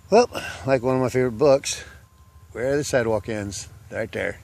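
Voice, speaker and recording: A man's voice: medium pitch, brisk, vocal fry, a little mellow, slight background noise. A man vlogging on a hike who rambles in a folksy, joking way while walking through woods and country roads. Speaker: hiking vlogger. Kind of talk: casual joke-telling vlog.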